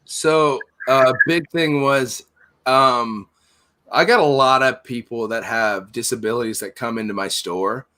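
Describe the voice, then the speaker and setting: Casting: middle-aged man, forceful bright voice, profane and blunt, storytelling on a casual podcast. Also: medium pitch, unhurried. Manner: blunt, heated, swears constantly, acts out both sides of arguments. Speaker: podcast host, store owner.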